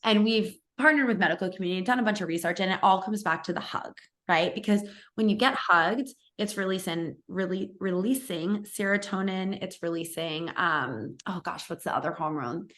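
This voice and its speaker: A woman's voice: fairly low pitch, a bit bright. Brief: middle-aged woman, podcast host, chatty and effusive, casual interview chat. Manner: chatty and effusive, quick restarts.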